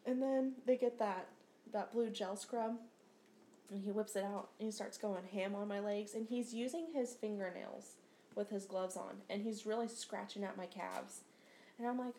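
A woman's voice: medium pitch, fairly even intonation, moderate pace, mellow. A young adult woman, a nurse and podcast co-host, telling a funny story in casual chat with frequent laughter. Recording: roomy recording with faint noise.

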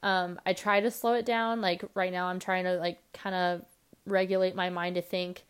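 A young woman hosting her own podcast, talking fast and rambling casually with lots of fillers. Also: on the low side, flat delivery, smooth. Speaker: podcast host. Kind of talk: casual solo podcast monologue.

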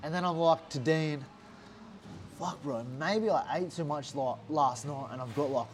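Animated Australian man telling a story. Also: on the high side, a little slow, slight background noise. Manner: swears a lot, acts out quotes animatedly. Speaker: fighter. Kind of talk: casual interview storytelling.

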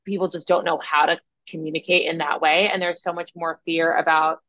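Young woman cohost with a lowish voice, talks in circles, kinda muffled dry mic. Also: level tone, brisk, sharp tone, no room sound. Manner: talkative, thinks aloud with many fillers. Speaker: podcast co-host. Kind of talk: casual chat.

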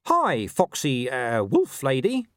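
A man's voice: medium pitch, huge pitch swings, slow, a bit bright, no room sound, clean studio sound, pitched above the performer's own voice, exaggerated voice. A man voicing a scruffy, cheeky little male mongrel street dog who is brash and hopeful.

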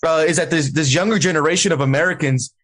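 Brief: talkative male guest, high pitch, tells stories. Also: fairly bright tone. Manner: chatty, storytelling, halting restarts. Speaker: podcast guest. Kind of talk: casual political chat.

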